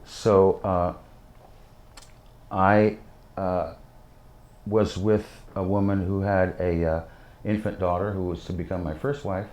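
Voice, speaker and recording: A man's voice: low-pitched, flat delivery, takes it slowly, pauses often, darkish tone. An older man, a guest musician, tells rambling stories full of fillers in an interview on a living-room studio set. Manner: rambling, anecdotal with many fillers. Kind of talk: storytelling interview. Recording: roomy studio sound.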